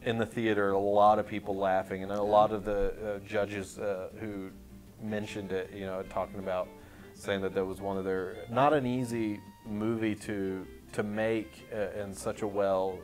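Low-voiced man, halting festival director. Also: flat delivery, soft background music. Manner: rambling, halting, full of restarts. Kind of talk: casual podcast film review.

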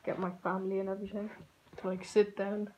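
A woman vlogging in a loose, rambling way and filling gaps with "like". Her voice sits at an ordinary middle pitch. Loud background noise runs under everything she says. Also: completely flat delivery, fast, lo-fi sound. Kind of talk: casual vlog chat.

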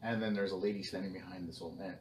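Male co-host, low-ish voice, animated and profane storyteller, distant mic with background noise. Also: quick pace, reverberant. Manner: animated storyteller, acts out quotes, swears casually. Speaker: podcast co-host. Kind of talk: casual storytelling chat.

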